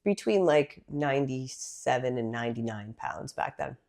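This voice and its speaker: A woman, a personal trainer talking as a podcast guest, lively and animated as she tells her story. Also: a bass voice, normal speed. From Massachusetts, US. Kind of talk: casual interview talk.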